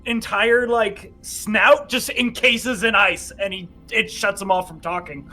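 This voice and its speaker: Higher voice guy at a game table, lively, cusses a lot. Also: measured pace, faint music behind. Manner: animated, swears freely. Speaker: player. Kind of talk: casual table talk.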